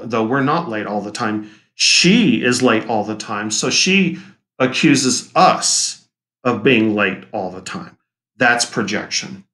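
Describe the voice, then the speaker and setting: A man's voice: mid-range voice, a bit bright, roomy sound. A man teaching a lesson in a casual, joking way, often acting out quoted lines. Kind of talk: recorded classroom lecture.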